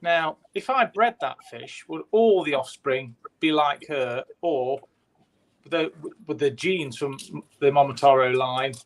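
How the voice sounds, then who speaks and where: A man's voice: fairly high pitch, unhurried, poor audio. A man chatting casually as a guest on a live stream, wondering aloud with a curious manner. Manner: curious, thinks aloud with restarts. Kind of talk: casual chat.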